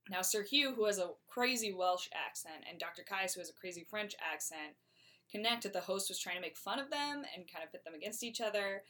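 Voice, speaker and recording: Low-ish voiced woman, chatty, recapping a story, says like a lot. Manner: chatty, animated, full of "like". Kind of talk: casual plot summary.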